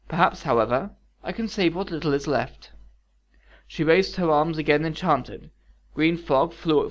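Man narrating a dark fairy tale. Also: fairly high pitch, muffled recording. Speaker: storyteller.

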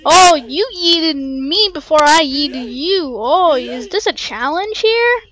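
A woman casually commentating her gameplay in an excitable, rambling way, full of playful slang, on a cheap home mic. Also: high-pitched, takes it slowly. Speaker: gameplay streamer. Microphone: cheap desk mic.

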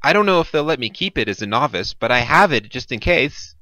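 A man's voice: medium pitch, expressive, fairly quick, sharp tone, no echo, voice pushed up. A man voicing a shy, starstruck young woman novice who stammers timidly.

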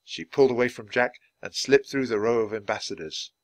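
Man reading a children's book, animated. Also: medium pitch, brisk, no echo. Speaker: storybook reader.

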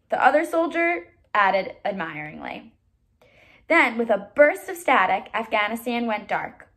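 Woman reading a novel aloud, very expressive. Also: medium pitch, unhurried. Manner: expressive read-aloud with occasional stumbles. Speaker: teacher.

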